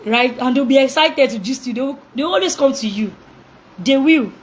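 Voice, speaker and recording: Lively woman coaching parents. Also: sits high, fairly quick, rough recording. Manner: animated, acts out reactions, laughs often, asks call-and-response questions. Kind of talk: motivational talk to parents.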